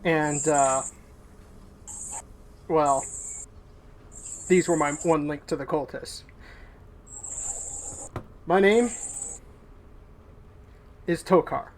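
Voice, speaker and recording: A man's voice: fairly high pitch, drawn-out words, pauses often, a little hiss or hum. A man voicing a weary male knight who hunts cultists, talking in an earnest, apologetic way.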